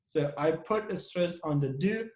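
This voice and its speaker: A man with a high-side, slightly mellow voice teaches an English grammar class a bit slowly in an echoey room. His style is to ask and answer his own questions while repeating example sentences with stress.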